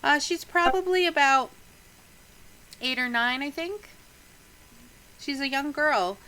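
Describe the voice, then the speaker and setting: A woman's voice: sits high, slow, pushed and bright, voice pushed up, full character voice, low-quality recording. A woman voicing a worried halfling mother who is flustered and close to tears, in a tabletop game. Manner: fretful, breathless pleading. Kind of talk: tabletop role-play voicing.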